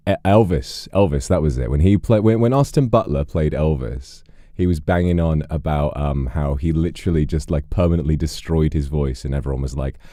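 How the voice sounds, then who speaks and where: Deep, dark-voiced male streamer. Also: a little fast, dry recording, clean studio sound. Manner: rambling, many fillers and restarts. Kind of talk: casual chat with viewers.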